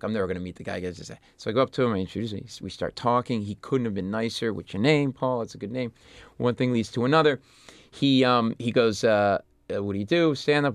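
A man from Rhode Island, a stand-up comedian telling lively anecdotes in an interview and jumping into loud voices of the people in them. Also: medium pitch, fairly quick, no echo. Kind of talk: animated storytelling in an interview.

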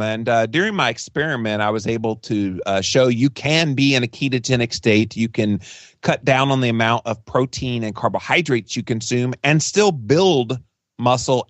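A man's voice: medium pitch, moderate pace, a bit bright, dry recording. A man being interviewed as a podcast guest and author, talking casually and rambling, with restarts. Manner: chatty, rambling with frequent restarts and laughs.

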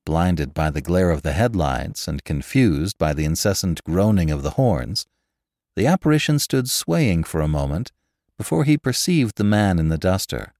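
A man narrating a classic novel in a measured, expressive reading. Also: sits low, no room sound, clean studio sound. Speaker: audiobook narrator.

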